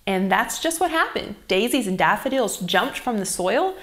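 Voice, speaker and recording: A young woman reading a Bible story to children as a children's church teacher, in a gentle and expressive storytelling manner. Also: medium pitch, moderate pace, few pauses.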